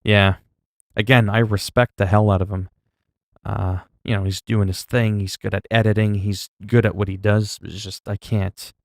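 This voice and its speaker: A man's voice: on the low side, little pitch movement, normal speed, vocal fry, no room sound, studio quality. A male streamer chatting casually while playing a game, laid-back and rambling, with plenty of swearing. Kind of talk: casual gaming livestream chat.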